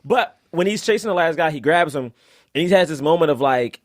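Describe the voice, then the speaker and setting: Animated podcast man, dry close mic. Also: on the high side, a little fast, no room sound. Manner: animated storytelling, lots of "like" and "yo". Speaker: podcast co-host. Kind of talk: casual film discussion.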